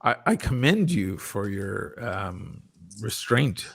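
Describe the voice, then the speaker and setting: Low gravelly man telling loose stories. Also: very animated, slow pace. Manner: loose, swearing, laughing storyteller. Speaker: panel guest. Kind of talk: casual panel chat.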